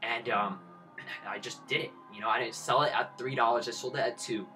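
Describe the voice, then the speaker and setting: A young man in his twenties streams his crypto trading in a bright, forceful voice, blunt and sprinkled with swearing. He lectures his viewers in loose live commentary, with faint music playing underneath. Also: medium pitch, steady tone, normal speed. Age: 20s.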